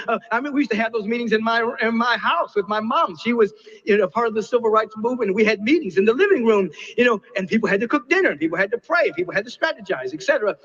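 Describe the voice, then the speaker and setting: A man giving an impassioned inspirational sermon as a spiritual teacher, dropping to a hush and then soaring. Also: high-pitched, expressive, rapid-fire, slightly rough, long reverb tail. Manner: impassioned, swinging between hushed and soaring. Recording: dull lo-fi recording.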